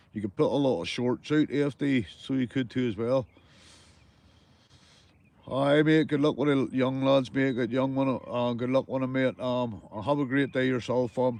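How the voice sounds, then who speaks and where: A man's voice: mid-range voice, a little mellow, dry recording. Northern Irish man chatting to his stream from a fishing tent, friendly and rambling, calls everyone mate. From Northern Ireland. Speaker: livestreaming angler. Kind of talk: casual live-stream chat with viewers. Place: small fishing tent outdoors by water. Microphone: phone or camera on a live stream.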